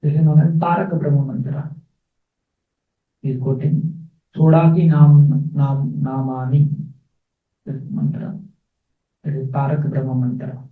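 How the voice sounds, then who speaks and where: A man giving a scripture class, explaining verses slowly with fillers and repeats. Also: a little high, fairly even intonation. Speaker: spiritual teacher. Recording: echoey, phone-like, distant.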